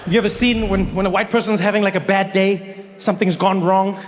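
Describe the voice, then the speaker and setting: A young man doing stand-up comedy, telling a story with animated delivery and acting out characters. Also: high-pitched, fast talker. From South Africa. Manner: animated storytelling, acts out characters in shifting voices. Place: stage before a live audience.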